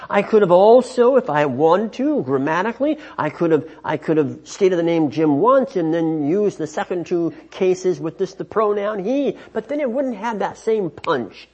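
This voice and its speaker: A man teaching scripture in a measured, emphatic way, often restarting his phrases as he explains. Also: sits high, expressive, a little mellow, slightly rough. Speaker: Bible teacher. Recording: dull lo-fi recording.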